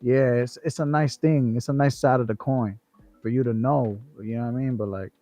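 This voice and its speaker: A man's voice: medium pitch, fairly even intonation, brisk, warm tone, no room sound, soft background music. Slangy man chatting on a livestream. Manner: slangy, profane, many restarts and "bro". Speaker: co-host. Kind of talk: casual livestream conversation.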